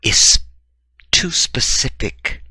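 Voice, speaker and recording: A man giving opinionated true-crime commentary, talking in an emphatic, animated way with blunt, profane remarks. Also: very slow, no room sound. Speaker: commentary vlogger.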